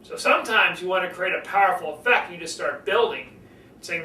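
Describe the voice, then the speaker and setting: An older man coaching public speaking, lively and animated, swinging his voice up and down to demonstrate. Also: a little fast. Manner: animated, demonstrates pitch swings, acts out conversations. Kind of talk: speaking lesson to camera. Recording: roomy, from a distance, faint noise.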